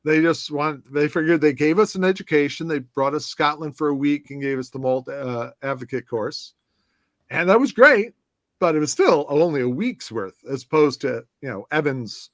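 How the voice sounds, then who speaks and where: Guy spinning old stories, kinda high voice, dry close sound. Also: no echo. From southwest side of Chicago, US. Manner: animated anecdotes with many restarts and fillers. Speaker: former whisky brand ambassador, guest. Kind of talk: casual conversational storytelling.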